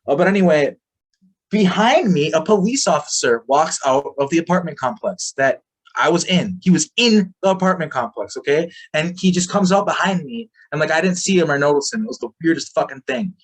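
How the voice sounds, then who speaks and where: A man's voice: fairly high pitch, lively intonation, brisk. A man telling a story as an interview guest, rambling, full of fillers and swearing freely. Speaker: podcast guest.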